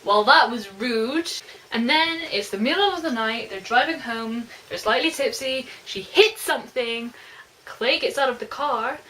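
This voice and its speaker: A woman chatting casually about a novel she loved, excitable and gushing, exclaiming at the characters. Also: a little high, moderate pace, a little hiss or hum, poor audio. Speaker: book reviewer. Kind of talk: casual book review chat.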